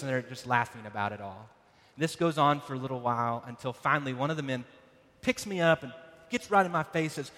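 A man preaching a sermon, telling a dramatic personal story with loud bursts and hushed passages. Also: mid-range voice, brisk. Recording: long hall reverb.

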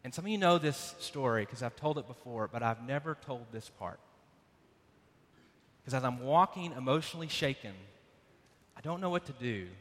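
A man preaching a sermon, telling a dramatic personal story with loud bursts and hushed passages. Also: mid-range voice, lively intonation, normal speed, long pauses. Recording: long hall reverb.

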